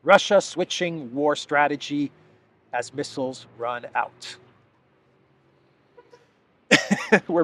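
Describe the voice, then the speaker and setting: A man's voice: a little high, slow, pauses often, a bit bright, no echo. A man hosting a solo political commentary show, reading news excerpts aloud and mocking them sarcastically, often restarting his sentences.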